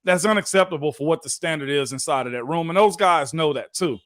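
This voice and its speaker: Man, ex-player co-host, emphatic casual sports talk, higher pitch, dry studio mic. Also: quick pace, dry recording. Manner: emphatic, calls people man. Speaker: co-host, former football player.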